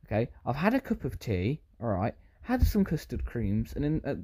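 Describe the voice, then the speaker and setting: A British YouTuber comments on his Minecraft gameplay in a rambling way, often stopping himself partway. His mellow, mid-range voice swoops wildly in pitch at a moderate pace.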